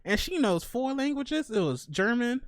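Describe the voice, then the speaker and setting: A young man hosting a podcast, telling stories in slangy, animated casual chat. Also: very high-pitched, normal speed, smooth, dry recording. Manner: slangy, animated storytelling with laughs. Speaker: podcast host.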